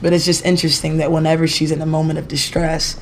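A woman's voice: low voice, level tone, quick pace, a little hiss or hum. A woman telling a story as a guest singer on a podcast interview, chatty and rambling, full of "like" and "you know".

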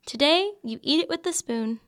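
A young woman acting a college student who lives in a frat house, quick to bicker, in an audio drama. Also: sits high, animated, a bit bright. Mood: lively. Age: young adult.

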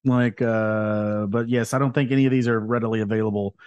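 A man's voice: on the low side, steady tone, a little fast, darkish tone, smooth, dry recording, dull audio. A man hosting a casual chat, rambling and laughing often.

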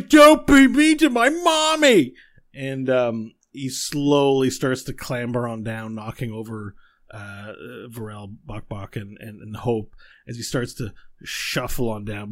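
A man narrating as game master of a tabletop game, telling the scene with animated energy and frequent laughter. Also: on the low side. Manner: animated storytelling, laughs often.

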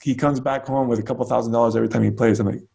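Gravelly-voiced male martial arts coach. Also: mid-range voice, steady tone, rapid-fire, dark tone. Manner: casual, loose, many fillers. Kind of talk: telling a story in an interview.

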